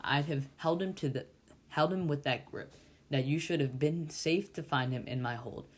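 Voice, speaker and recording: A man voicing a desperate, rough-spoken escaped convict who talks with fierce scorn. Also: fairly high pitch, moderate pace, lightly acted.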